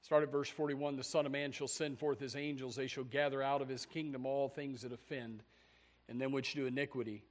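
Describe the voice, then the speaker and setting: A pastor delivers a fiery sermon, swinging between loud shouts and hushed, low passages while often stammering and repeating words. His tone is level and his pace a little fast.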